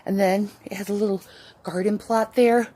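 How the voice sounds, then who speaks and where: A woman's voice: medium pitch, fairly even intonation, moderate pace, warm tone, a little hiss or hum. Breathless, showy woman touring her home. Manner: showy, defiant, calls viewers darling. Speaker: vlogger giving a home tour. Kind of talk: walking home-tour vlog. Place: indoor apartment, moving between rooms.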